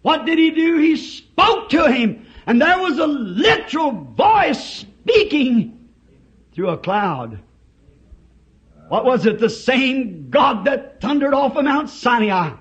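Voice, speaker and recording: Impassioned high-voiced revival preacher, lo-fi tape. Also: male voice, sing-song, slow pace. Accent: Southern United States. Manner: impassioned, swings from shouting to hushed. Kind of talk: old-time revival sermon. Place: church service. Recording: dull lo-fi sermon tape.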